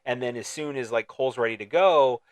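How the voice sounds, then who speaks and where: A man's voice: medium pitch, fairly quick, dry recording. A man co-hosts a casual movie podcast with a mid-range voice. He sounds playful and riffs on lines, often restarting his sentences. The sound is dry and close. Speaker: podcast co-host. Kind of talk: casual movie-discussion chat.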